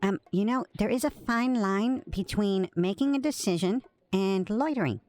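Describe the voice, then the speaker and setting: A woman's voice: mid-range voice, moderate pace, a little mellow, close to an everyday voice. A woman voicing a young female coffee-shop barista who hesitates and says um a lot. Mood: dithering. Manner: hesitant, full of ums.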